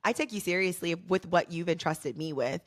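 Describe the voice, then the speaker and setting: A woman's voice: lowish voice, moderate pace. A woman hosting a faith-based podcast, speaking earnestly and encouragingly and repeating key phrases for emphasis. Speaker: podcast host.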